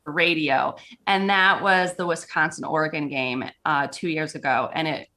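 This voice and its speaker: A woman who works as a sports broadcaster, co-hosting a casual sports talk show in a chatty, animated way. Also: low-pitched, normal speed.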